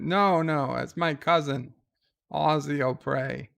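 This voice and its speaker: A man hosting a livestream, casually reading viewer letters with rambling, wry, deadpan asides. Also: mid-range voice, a little slow, gravelly. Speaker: livestream host.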